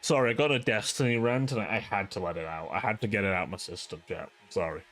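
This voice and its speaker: On the low side and quick-paced, a man with a fairly bright tone hosts a livestream as soft background music plays. He rambles and rants to viewers casually, swearing and filling his talk with "like."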